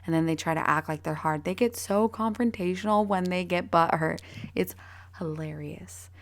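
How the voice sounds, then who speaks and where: A woman's voice: on the low side, moderate pace. A young woman hosting her own podcast, talking casually and bluntly with lots of swearing and fillers. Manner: blunt, profane, rambling with many fillers. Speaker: podcast host. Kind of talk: casual solo podcast talk.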